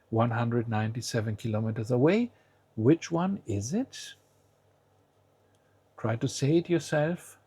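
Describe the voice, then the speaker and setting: A man's voice: medium pitch, darkish tone, slightly rough, no echo. A man teaching a language lesson to the viewer, patiently asking the learner to try each word before he says it.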